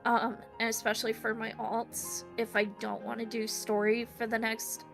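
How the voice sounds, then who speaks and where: A woman's voice: fairly high pitch, little pitch movement, normal speed, vocal fry, a bit bright, faint music behind. A woman guest in a casual chat about a video game, giggly and hesitant, with many fillers.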